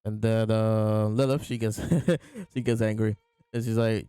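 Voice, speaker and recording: A man's voice: fairly low pitch, little pitch movement, a little slow, mellow, clean tone, no echo. A man hosting a casual chapter review, retelling scenes by quoting the characters in his own voice over faint background music. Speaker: host reviewing comic chapters.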